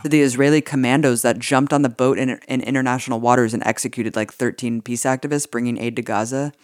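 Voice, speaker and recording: A woman's voice: extremely low pitch, steady tone, fast, darkish tone, no room sound, clean studio sound. A woman co-hosting a political podcast, talking casually and indignantly, swearing freely and using many "like" fillers. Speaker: podcast co-host.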